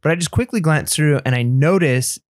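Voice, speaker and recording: A man co-hosting a casual podcast, talking quickly and rambling with many fillers and restarts. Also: on the high side, no echo, clean studio sound. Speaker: podcast co-host.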